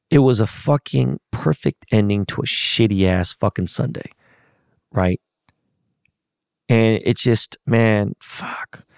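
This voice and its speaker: A man's voice: lowish voice, vocal fry, a little mellow, dry recording, clean studio sound. A middle-aged man in a casual, profane rant, venting about a loss. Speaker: sports fan.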